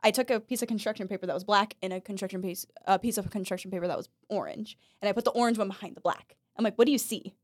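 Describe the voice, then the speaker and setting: A woman's voice: mid-range voice, fairly even intonation, very fast, few pauses, no room sound, studio quality. A woman co-hosting a casual Christian podcast, chatty, laughing often and acting out quotes as she talks. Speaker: podcast co-host.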